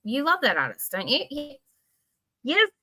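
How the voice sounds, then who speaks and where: Her voice is high and bright, with wildly swooping pitch, a forceful tone, and a slightly slow pace. As host of a casual livestream, this woman wanders expressively between thoughts, swears casually here and there, and sometimes reads chat comments out loud.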